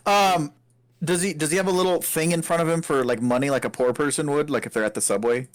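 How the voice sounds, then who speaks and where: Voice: medium pitch, fairly even intonation, quick pace. A player in a tabletop game with a blunt, sarcastic way of talking. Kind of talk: casual tabletop game chat.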